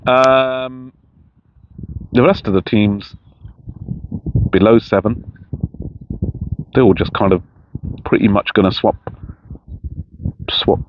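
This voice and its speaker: A man's voice: lowish voice, slow pace, long pauses. Rambling middle-aged man, lo-fi. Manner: rambling, chatty, many restarts. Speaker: vlogger. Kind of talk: casual outdoor chat. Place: outdoors in a park. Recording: dull lo-fi sound with faint noise.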